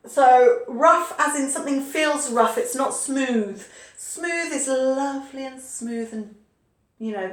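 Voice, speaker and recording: Patient woman teacher, high voice, unhurried delivery, spells words letter by letter. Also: echoey room. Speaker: English teacher. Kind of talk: online English spelling lesson.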